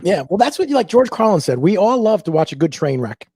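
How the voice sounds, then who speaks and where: Give me a mellow, laid-back man co-hosting and reading out viewer comments. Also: sits high, very animated, fast, husky, no room sound. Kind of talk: casual chat.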